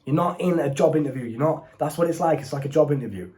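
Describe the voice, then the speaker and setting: A man's voice: fairly high pitch, quick pace, a little mellow. A young man giving dating advice straight to camera, casual and blunt, calling the viewer bro. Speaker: dating coach. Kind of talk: direct-to-camera advice talk. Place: indoors, seated before a camera.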